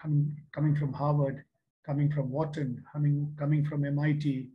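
An older man with a Kerala Malayali accent in his English gives a motivational talk to youth. His voice sits fairly high for a man. He speaks in a storytelling way, repeating phrases and tossing in a questioning "huh?". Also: little pitch movement, normal speed, highs cut off. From Kerala, India. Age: 60s. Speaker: seminar speaker.

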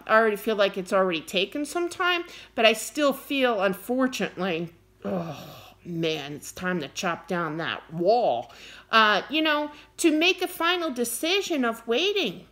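A middle-aged woman giving a casual tarot reading to camera, animated and quick to get wound up and scold playfully. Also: a little high. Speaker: tarot card reader.

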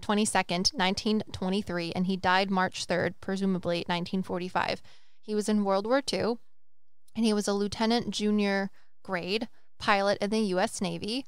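Excitable woman podcast host, very clear voice. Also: medium pitch, dry recording, clean studio sound. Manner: excitable, rambling storyteller. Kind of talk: casual chat.

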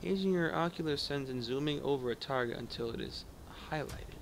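A man playing a video game and commenting, jokey and excitable, talking back to the game. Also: a little high, brisk, creaky, background noise. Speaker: gaming channel host. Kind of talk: let's play commentary. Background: game music.

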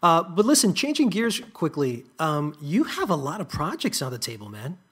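A man's voice: on the high side, wildly swooping pitch, normal speed, fairly bright tone, breathy edge. A man hosting a casual interview, putting friendly, eager questions to his guest. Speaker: podcast host.

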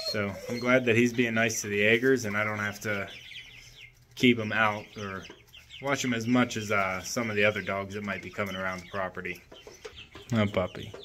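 A man's voice: mid-range voice, slight background noise. Laid-back man chatting in a chicken coop. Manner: relaxed and chatty, talks gently to his dog and chickens. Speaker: homesteading vlogger. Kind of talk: casual vlog narration. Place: chicken coop on a rural property.

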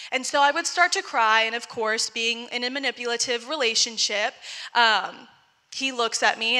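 A woman's voice: a little high, sharp tone, big-room sound. A young woman giving a candid, chatty personal testimony at a church gathering, talking casually and using "like" a lot. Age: young adult. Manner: candid, chatty, heavy use of "like". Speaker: testimony speaker.

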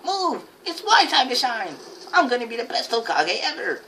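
A woman voicing a brash, boastful young male anime ninja hero in a strained, shouted high voice, over game noise. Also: sing-song, moderate pace, recorded from a distance. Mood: boastful shouting.

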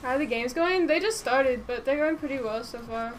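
A woman's voice: high-pitched, fairly quick, slight background noise. A woman streaming a game live, chatting casually, swearing freely and answering her chat aloud.

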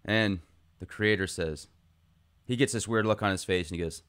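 A man hosting his own video channel, talking through a film's symbolism in an earnest, animated monologue. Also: on the low side, moderate pace, clear, resonant tone. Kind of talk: casual monologue analysis.

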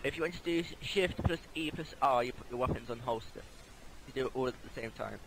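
A man acting as a roleplay trainer, patiently and haltingly instructing a new player in game voice chat. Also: mid-range voice, creaky, very noisy.

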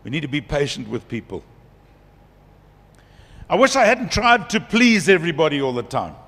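A man's voice: on the high side, normal speed. Middle aged pastor guy preaching at a big conference, chatty, keeps laughing, lots of reverb. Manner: lively, chatty, laughs between points. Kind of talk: conference sermon. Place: large conference hall. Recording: long hall reverb.

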